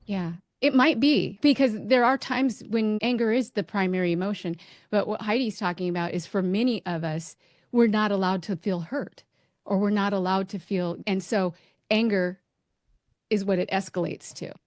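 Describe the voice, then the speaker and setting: A woman's voice: medium pitch, normal speed, no echo, studio quality. A woman speaking as the expert doctor on a podcast, explaining ideas and affirming others in casual conversation. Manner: explanatory, affirming with frequent yeahs. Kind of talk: casual chat.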